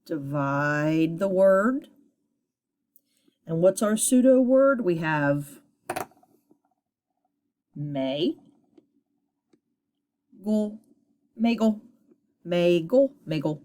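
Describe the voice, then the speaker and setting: A woman teaches a phonics lesson to young children with a patient, encouraging manner. Her voice sits fairly low and she speaks slowly, sounding each syllable out. She keeps praising and nudging her students along. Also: expressive, darkish tone.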